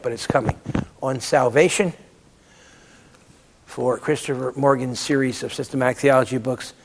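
A man's voice: mid-range voice, vocal fry, long reverb tail. A man giving a Bible lecture, emphatic and repeating words to stress his points. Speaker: theology lecturer.

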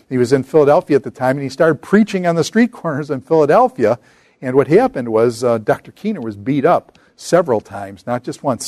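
A man's voice: medium pitch, a little mellow, dry recording. Man teaching the Bible in a dry room. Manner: conversational, slows and lifts voice to read scripture aloud. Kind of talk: informal Bible lecture.

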